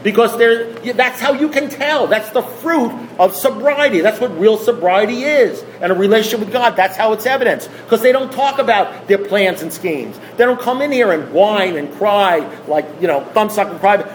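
Male recovery-meeting speaker, higher register, repetitive and emphatic, rhetorical delivery. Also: moderate pace, hardly any pauses, slight background noise, rough recording. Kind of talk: impassioned talk to a group.

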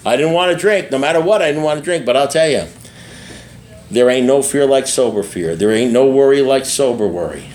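Speaking a little fast in an animated, medium-pitched voice with a darkish tone, an older man gives a candid personal talk to a recovery meeting. He's blunt, profane, and repetitive, with frequent asides checking in with his listeners.

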